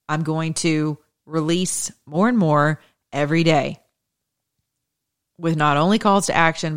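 A show host giving an impassioned political and religious call to action, fervent and preachy, stacking emphatic repeated phrases. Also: mid-range voice.

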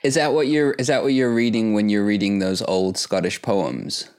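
A man's voice: fairly low pitch, moderate pace, darkish tone, smooth. A man co-hosting a podcast, chatting in a giggly, self-deprecating way. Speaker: podcast co-host. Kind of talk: casual chat.

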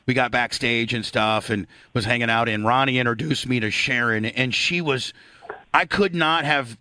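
A man's voice: medium pitch, normal speed, bright, forceful tone, dry recording. A man co-hosting a radio show, chatting casually and laughing along. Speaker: radio co-host. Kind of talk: casual chat.

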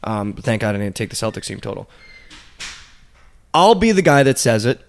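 A young man co-hosting a podcast, chatting casually and telling stories in animated bursts, swearing freely. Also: mid-range voice, normal speed, creaky. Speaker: podcast co-host. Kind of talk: casual sports chat.

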